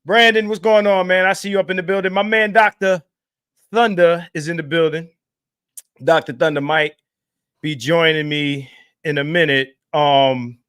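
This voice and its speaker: A brash, profane man with a New York accent hosting a livestream, greeting viewers in chat. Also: on the high side. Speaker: livestream host. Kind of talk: casual livestream monologue. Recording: loud music behind the voice. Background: loud music.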